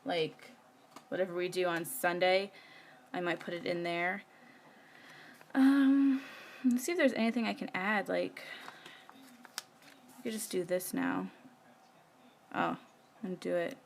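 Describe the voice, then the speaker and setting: A woman's voice: fairly low pitch, measured pace, vocal fry, long pauses, a little hiss or hum. A woman, chatting casually while she works on her planner during a live stream, rambling with many fillers. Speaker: planner vlogger. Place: home.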